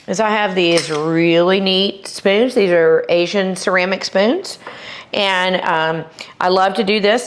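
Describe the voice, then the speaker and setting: Chatty Texan woman demonstrating recipes. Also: mid-range voice. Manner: chatty, enthusiastic, homey. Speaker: cooking show host. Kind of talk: cooking demonstration.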